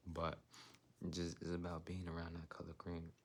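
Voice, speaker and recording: Low gravelly guy doing a chill tarot reading for chat, slangy, kinda whispery sometimes. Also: completely flat delivery, measured pace, a little hiss or hum. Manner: laid-back slangy talk, drifting into soft whispered asides. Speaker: tarot reader.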